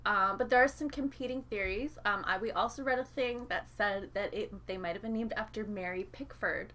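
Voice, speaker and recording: A woman's voice: medium pitch, a little fast, a bit bright. A woman musician co-hosting a livestream from home, chatting casually and rambling with lots of fillers. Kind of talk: casual chat. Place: home, indoors.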